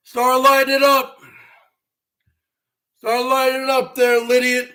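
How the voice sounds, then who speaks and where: A man hosting a livestream, ranting and mocking viewers, often breaking into shouts. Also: extremely high pitch, completely flat delivery, measured pace, pauses often. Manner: mocking, scolding, bursts into shouting. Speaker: livestream show host.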